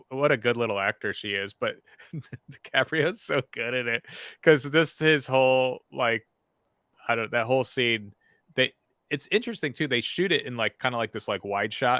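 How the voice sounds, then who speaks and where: A man co-hosting a casual movie review chat, enthusiastic and quick to laugh. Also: medium pitch, sharp tone, no echo. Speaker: podcast co-host.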